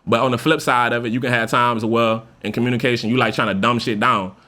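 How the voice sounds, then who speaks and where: A man's voice: medium pitch, fast talker. A man hosting a podcast, talking casually and loosely with lots of profanity, now and then acting out example voices. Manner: loose, profane, animated speaker who acts out example voices. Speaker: podcast host. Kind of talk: casual monologue.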